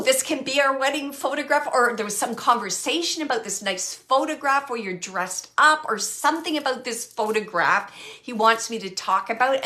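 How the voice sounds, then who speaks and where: Woman medium, bright and forceful tone, soft-spoken, hesitant and earnest, halting with fillers. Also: a little high. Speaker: psychic medium. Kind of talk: mediumship reading to a sitter.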